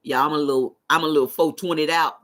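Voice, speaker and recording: A low-pitched woman speaks fast on her casual live stream, telling stories with plenty of energy and laughter while chatting back with her viewers.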